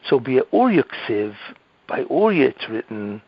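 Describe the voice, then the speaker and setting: A man's voice: mid-range voice, a little slow, breathy edge, no room sound. A male rabbi giving a Torah class, explaining step by step, asking rhetorical questions and checking in with his listeners. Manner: explanatory, checks in with "okay?" and "right?"; rhetorical questions, animated emphasis. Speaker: rabbi teaching a weekly class. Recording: dull, dry lo-fi audio recording.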